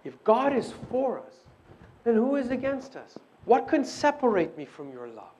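A man preaching a sermon and praying, earnest, moving between hushed prayer and emphatic, repeated declarations. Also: extremely high pitch, big pitch swings, normal speed, husky. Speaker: pastor.

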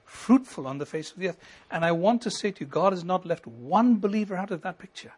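A middle-aged man preaches from the pulpit with a husky, slightly breathy voice that sits a little high for a man. His delivery swells into ringing emphasis and then falls back to a hushed, close tone. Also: animated, a little fast. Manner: preaching with rising emphasis and sudden soft drops. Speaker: pastor. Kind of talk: sermon.

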